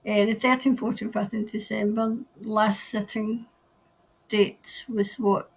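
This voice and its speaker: A woman's voice: mid-range voice, little pitch movement, slow pace, vocal fry, slightly rough. A woman, hosting a casual live stream as a tarot reader, chatting and rambling as she answers viewer comments. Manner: chatty and rambling, laughs often, trails off mid-sentence.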